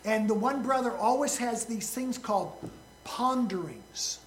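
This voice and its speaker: An unhurried pastor preaching with a folksy, joking touch and stopping to quiz the congregation. The voice rings in a roomy church hall, with a faint hum underneath. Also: mid-range voice, animated. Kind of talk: sermon.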